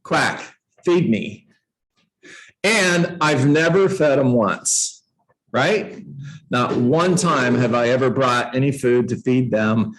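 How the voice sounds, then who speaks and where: A man who coaches real estate agents, telling a playful story to a room and jumping up in pitch for emphasis. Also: slow, poor audio. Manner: animated, playful, uses props, jumps up in pitch for emphasis; addresses listeners by name. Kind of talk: storytelling motivational talk.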